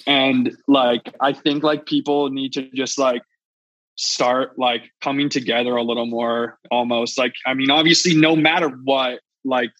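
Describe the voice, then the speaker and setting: A man's voice: mid-range voice, flat delivery, measured pace, fairly bright tone, no room sound. A man who produces music, a guest on a podcast, rambling casually with lots of filler and losing his thread. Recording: dull dry lo-fi sound.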